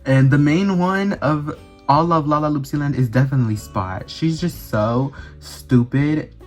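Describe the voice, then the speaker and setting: A man's voice: a little high, a little slow, a little mellow, soft background music. A man chatting casually in a vlog, gushing and full of fillers. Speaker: vlogger. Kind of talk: casual chat.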